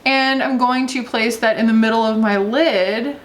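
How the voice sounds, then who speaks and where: A woman's voice: a little high, fairly even intonation, normal speed. Chatty woman doing a makeup tutorial. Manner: chatty, loose, with frequent "like" and laughs. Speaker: beauty vlogger. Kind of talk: casual makeup tutorial talk.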